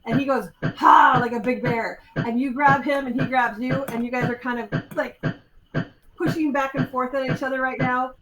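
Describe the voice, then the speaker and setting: A woman's voice: high voice, normal speed, noisy background. A woman running a live tabletop game as game master, explaining rules with ums and acting out the fight. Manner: lively, explains rules with ums, acts out moves. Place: convention stage. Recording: live convention hall with loud crowd.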